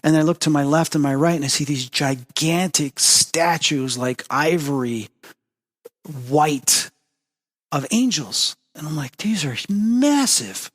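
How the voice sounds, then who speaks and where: A man's voice: a little high, measured pace. Earnest man telling a story, reverberant. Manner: earnest, animated storyteller acting out dialogue. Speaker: host. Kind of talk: personal storytelling monologue.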